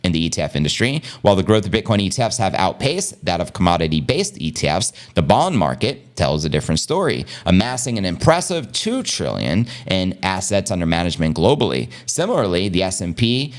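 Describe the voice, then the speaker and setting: A man hosting a live crypto news stream, reading headlines and excitedly shouting out viewers as family. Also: low voice, fairly quick, few pauses. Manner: hype, calls viewers family, shouts out members. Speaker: crypto news livestream host.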